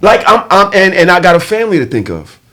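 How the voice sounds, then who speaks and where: A man, a guest on a podcast, speaking with passion and profanity, swinging from low brooding tones to loud outbursts. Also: very animated, fast. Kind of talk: casual podcast discussion.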